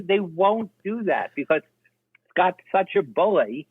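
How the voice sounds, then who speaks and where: An older man, a film director guest, telling lively anecdotes in an interview and acting out the people he quotes. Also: high voice, measured pace, husky. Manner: animated, acts out the people he quotes. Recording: dry, tinny phone-like line.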